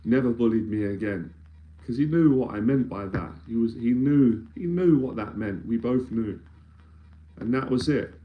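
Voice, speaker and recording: A man's voice: medium pitch, animated, moderate pace, dull audio. A man, an anxiety mentor speaking earnestly and emphatically in a live-streamed talk, often repeating phrases as he builds a point. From London, England.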